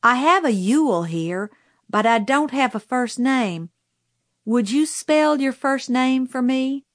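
A woman's voice: high-pitched, expressive, slow pace, no room sound, studio quality, pitched above the performer's own voice. A woman voicing a polite, somewhat flustered female schoolteacher with a prim, proper way of talking.

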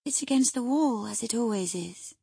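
A feverish young noblewoman, shaken and breathless, as a woman reads her in an audiobook. Her husky, breathy voice sits a little higher than the narration and slips into anxious whispers. The recording is close and dry. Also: expressive, moderate pace, warm tone, dry recording, full character voice. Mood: frightened. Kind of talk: audiobook character reading.

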